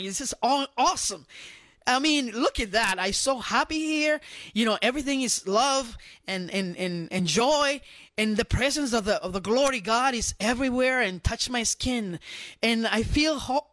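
A man's voice: very high voice, no room sound. Man giving a fervent testimony. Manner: animated, repetitive storytelling. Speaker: guest sharing a testimony. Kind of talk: emotional personal testimony.

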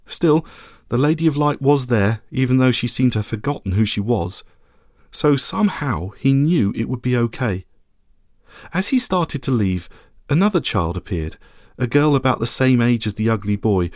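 Expressive male storyteller, lively pitch. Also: dry recording, studio quality. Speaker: storyteller and podcast host. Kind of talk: scripted audiobook narration.

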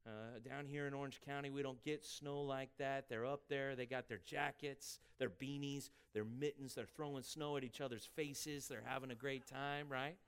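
A man preaching a sermon as pastor, emphatic and rising for scripture, dropping quiet for asides. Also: mid-range voice, fairly even intonation, moderate pace, hardly any pauses, clean tone. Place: church sanctuary.

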